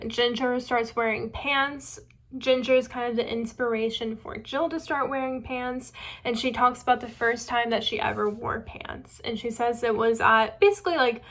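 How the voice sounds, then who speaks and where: A young woman hosting a casual book-review chat, retelling a story in an animated way with quoted asides. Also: a little high.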